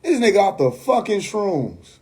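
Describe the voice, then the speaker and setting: Husky-voiced man telling a wild story. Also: measured pace. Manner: animated, laughing often, drops to a low mumble for quoted friends. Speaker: livestream host. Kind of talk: casual storytelling on a live stream.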